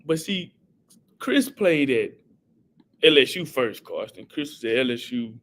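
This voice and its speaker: Animated man hosting a live stream. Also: mid-range voice, measured pace. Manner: animated, reads viewer comments and gives shout-outs. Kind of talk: casual live stream chat.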